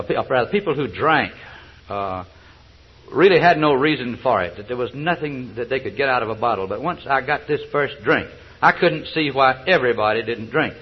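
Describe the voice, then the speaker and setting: A dull old lo-fi recording catches an older man from South Georgia, US giving a personal testimony with jokes at a recovery meeting. His medium-pitched voice has a breathy edge, and he tells folksy stories punctuated by chuckles and hesitant fillers.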